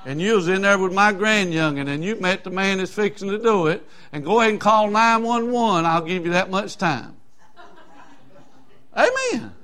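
A man's voice: high voice, a little fast, hardly any pauses, a bit bright, clear, resonant tone. An older man with a South Carolina Southern accent preaching a fiery, folksy sermon in colloquial grammar.

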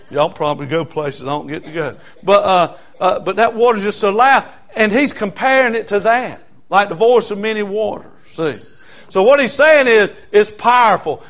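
A man preaching a storytelling sermon, dropping to hushed asides and rising to shouted hollers. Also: high voice.

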